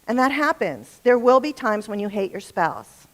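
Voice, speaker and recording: A middle-aged woman with a fairly high voice telling relationship stories to a live audience. She is chatty and humorous and keeps checking in with the room with quick questions. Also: very animated, a bit bright. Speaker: relationship speaker. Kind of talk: storytelling talk to a live audience.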